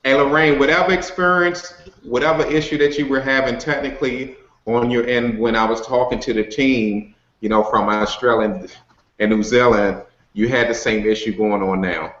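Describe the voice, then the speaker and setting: A man's voice: medium pitch, steady tone, normal speed, a bit bright. A man coaching a group on a video call, casual and motivational, folksy with lots of "you know" and "okay". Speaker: network marketing coach hosting a webinar. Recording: roomy, dull video-call audio.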